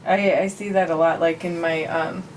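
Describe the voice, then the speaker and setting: A woman in her late twenties on a podcast, chatting in a relaxed way with plenty of "um" and "like". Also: lowish voice, normal speed, slight background noise, low-quality recording. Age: 20s. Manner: relaxed, self-teasing, fillers like "um" and "like". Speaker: podcast co-host. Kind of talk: casual chat.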